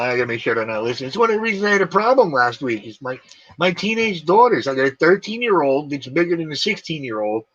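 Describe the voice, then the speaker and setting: A man in his forties hosting a live stream, chatting in a rambling, animated way and swearing casually. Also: high-pitched, breathy edge, dry recording. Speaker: livestream host. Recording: dull lo-fi stream audio.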